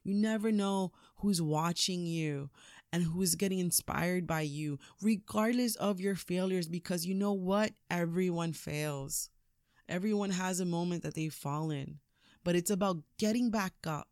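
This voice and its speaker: A woman hosting a podcast, giving an energetic, preachy motivational talk and laughing often. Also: fairly low pitch, unhurried, no echo, studio quality. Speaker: podcast host, motivational speaker.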